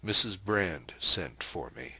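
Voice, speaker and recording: A guarded young priest who keeps his answers steady and restrained under questioning, read by a man. His deep, slow voice is bright and a bit husky, recorded close and dry. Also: dry recording, full character voice.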